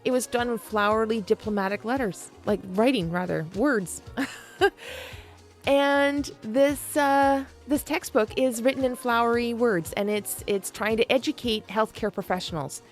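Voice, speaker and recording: A woman's voice: a little high, unhurried, faint music behind. A woman in her forties hosting a podcast, talking frankly and playfully in a casual monologue and calling her listeners pet names. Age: 40s. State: perimenopausal. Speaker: podcast host.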